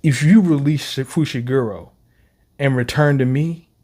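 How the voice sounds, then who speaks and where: A man reading the lines of a determined young male sorcerer from a manga, in a steady, measured way. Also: medium pitch, close to an everyday voice. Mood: resolute.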